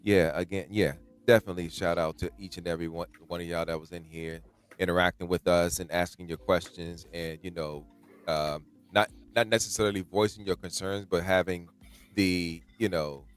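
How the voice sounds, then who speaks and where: A man co-hosting a casual collector podcast, speaking earnestly in halting phrases with many restarts. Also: low-pitched, steady tone, clear, resonant tone. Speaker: podcast co-host. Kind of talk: casual chat.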